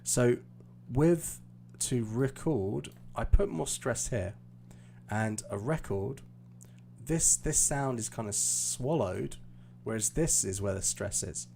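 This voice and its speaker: Casting: British male English tutor, unhurried, low warm voice, on a live stream. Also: creaky, a little hiss or hum. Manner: explaining patiently, hesitant fillers. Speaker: IELTS teacher.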